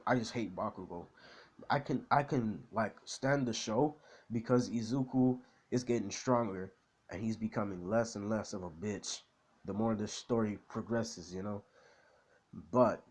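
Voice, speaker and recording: A man's voice: fairly low pitch, moderate pace, darkish tone, breathy edge. Rambling, slangy man. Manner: rambling, slangy, filler-heavy. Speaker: anime vlogger. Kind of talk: casual chat.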